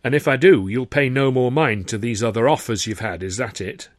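A man's voice: mid-range voice, expressive, normal speed, husky, no room sound, clean studio sound. A man voicing a sarcastic, calculating older male theatre boss who talks bluntly to his employees.

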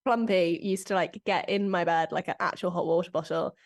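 A young adult woman, a comedian guest on a podcast, chatting casually, laughing often and breaking into a high cooing voice. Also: fairly quick. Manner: animated, giggly, slips into high cooing cat voice.

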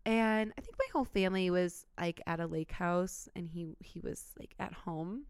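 Relaxed chatty young woman, smooth voice. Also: lowish voice, moderate pace, dry recording, studio quality. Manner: relaxed, chatty, many fillers and gasps. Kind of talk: casual chat.

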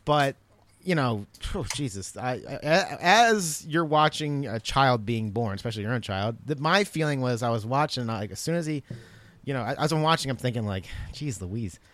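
A young man tells a story in a rambling, animated way, stacking fillers and restarts as he goes. His middle-pitched voice sits close to the mic in a dry, dead room. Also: normal speed, no room sound. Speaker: guest telling a story. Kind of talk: casual storytelling chat.

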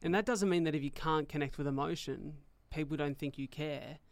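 Animated host, smooth, dry. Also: male voice, fairly high pitch, a little fast, no room sound. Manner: animated, emotionally open storyteller. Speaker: podcast host. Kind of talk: conversational interview.

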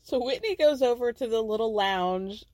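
A woman's voice: fairly high pitch, expressive, moderate pace, a little mellow, no echo. A woman hosting a casual podcast, recapping reality TV in a gossipy, chatty way and laughing often.

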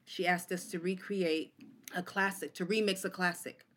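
Low-voiced woman telling lively stories. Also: normal speed. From Oakland, California. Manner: animated storyteller, slips into quoted voices. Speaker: poet and guest. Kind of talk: casual interview storytelling.

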